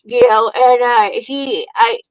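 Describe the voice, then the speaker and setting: A woman's voice: fairly high pitch, fairly even intonation, slow, dry recording, lo-fi sound. Hesitant woman guest, dry close sound. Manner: hesitant, many fillers and restarts. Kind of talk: casual chat.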